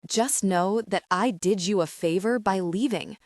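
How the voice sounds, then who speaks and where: A woman's voice: medium pitch, measured pace, no echo, studio quality, lightly acted. A woman reading the lines of an anguished young man confessing old trauma, in a strained, choked voice. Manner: strained, choked, hissing delivery. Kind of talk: audiobook character reading.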